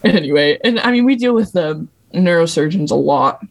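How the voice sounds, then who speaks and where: A young adult woman, a nurse, chatting casually on a podcast, bubbly and quick to laugh as she acts out what people said. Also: lowish voice, animated. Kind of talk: casual storytelling chat.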